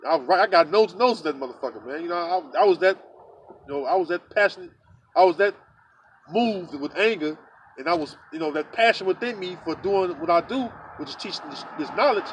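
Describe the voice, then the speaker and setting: Heard through a distant mic with a little hiss or hum, this fast-talking man has a high-pitched voice and lively intonation. He's a religious group member telling a rambling, profane story casually, looping back on himself and leaning on "you know" and "man."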